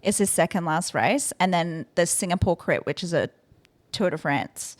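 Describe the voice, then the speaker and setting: Bubbly Australian woman, lowish voice. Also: moderate pace, no room sound. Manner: bubbly, hesitant with ums. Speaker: podcast co-host. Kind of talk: casual chat.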